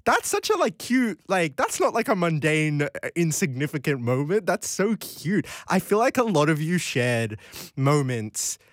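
A man's voice: a little high, sing-song, unhurried, dry recording, studio quality. A young Australian man hosting a late-night radio show, chatting loosely and laughing as he wanders off on tangents between listener texts. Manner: rambling, giggly, goes off on tangents. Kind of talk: casual radio chat reading listener texts. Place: radio studio. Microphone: studio microphone.

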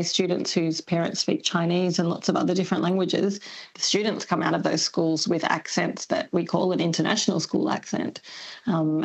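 Husky low-voiced woman expert. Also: low-quality recording. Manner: articulate, explanatory, with light laughs. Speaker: linguistics expert guest. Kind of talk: radio interview, explaining.

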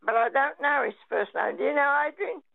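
An older woman calling in to radio, gentle and a little hesitant as she talks. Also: high-pitched, brisk, gravelly, dry recording. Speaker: radio caller. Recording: phone line.

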